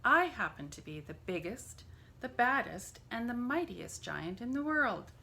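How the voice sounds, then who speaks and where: A woman's voice: fairly high pitch, very animated, measured pace, vocal fry, sharp tone, pitched above the performer's own voice, full character voice. A woman voicing a huge bullying male giant in a storybook who bellows and then whimpers to his mother. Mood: bellowing.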